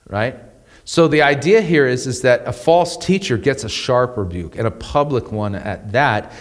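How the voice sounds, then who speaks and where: A man gives a casual but animated Bible lesson in a mid-pitched voice. He often restarts his sentences and repeats words, with a chuckle in between. The sound carries a long reverb. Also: unhurried. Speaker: Bible teacher. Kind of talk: conversational Bible teaching.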